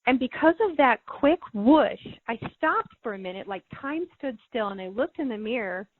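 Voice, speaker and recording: A woman's voice: fairly high pitch, lively intonation, moderate pace, no echo. A middle-aged woman, a podcast guest, earnestly telling a personal story and repeating words when moved. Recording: thin phone-like line, dry.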